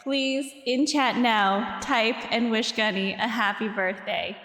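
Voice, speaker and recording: A young woman streamer chatting casually with her viewers, giggly, easily distracted and quick to apologize. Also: on the high side, a bit bright.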